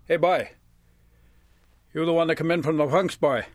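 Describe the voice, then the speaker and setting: A blunt, teasing fisherman, put on by a male storyteller. He is folksy and keeps calling the listener "boy". The voice sits a little high and sounds close and dry in a studio. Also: moderate pace, no room sound, close to an everyday voice. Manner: folksy, calls everyone "boy".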